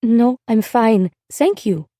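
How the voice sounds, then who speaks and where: A woman's voice: on the high side, animated, mellow, dry recording, studio quality. A woman putting on a shy ten-year-old girl. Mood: shy, tentative. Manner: hesitant, slow and careful.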